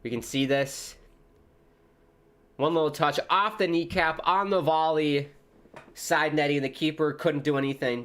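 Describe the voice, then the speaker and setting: This is a man from the United States, casually commentating a football match for his live stream audience. He talks in a loose, rambling way, wandering from match calls to side stories. He also jumps up in excitement at close chances. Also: a little high, moderate pace. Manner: chatty and rambling, jumping between match calls and tangents. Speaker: livestream host.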